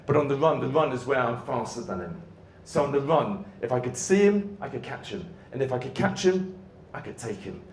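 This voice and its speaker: A man giving a motivational keynote talk, telling his story dramatically with bursts of shouting in a large venue. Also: medium pitch, big pitch swings, fairly quick, hardly any pauses, distant mic, a little hiss or hum. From Great Britain. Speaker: motivational speaker. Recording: echoey venue hall.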